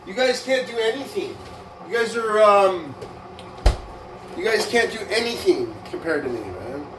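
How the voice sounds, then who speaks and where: A man's voice: sits high, big pitch swings, unhurried, reverberant, background noise. A man in a casual vlog rant, boastful and taunting, who keeps tagging his sentences with "right?" and "man". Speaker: weightlifting vlogger.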